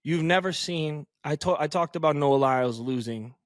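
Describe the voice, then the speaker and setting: A man's voice: fairly high pitch, moderate pace, no echo, clean studio sound. An American man co-hosting a podcast, ranting emphatically and swearing in opinionated casual chat. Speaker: podcast co-host. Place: podcast studio.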